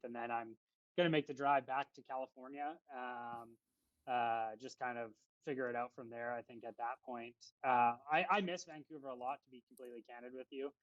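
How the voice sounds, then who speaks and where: A man's voice: mid-range voice, dry recording, highs cut off. A man from western Canada, a guest on a casual podcast interview, rambling and chatty with lots of fillers.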